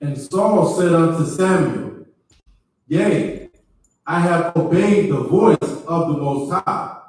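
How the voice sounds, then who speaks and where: Dude reading scripture real slow and careful, kinda far from the mic, lots of echo. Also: male voice, a little high, darkish tone. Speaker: student reader. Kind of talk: reading scripture aloud in class. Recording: distant voice in a very echoey room.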